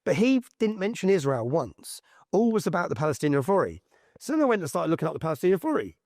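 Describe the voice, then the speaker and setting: An English man in an interview, telling a story in an excitable, emphatic way and often tossing in "yeah?" as he goes. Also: a little high, very fast, no echo, clean studio sound. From England. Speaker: interview guest. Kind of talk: animated storytelling in conversation.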